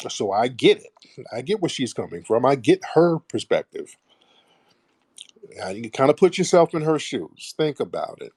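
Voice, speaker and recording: A man's voice: mid-range voice, big pitch swings, normal speed, a little mellow, breathy edge, no room sound. A middle-aged man hosting a radio show, talking bluntly and profanely to his listeners in a casual monologue. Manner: mocks others in put-on voices.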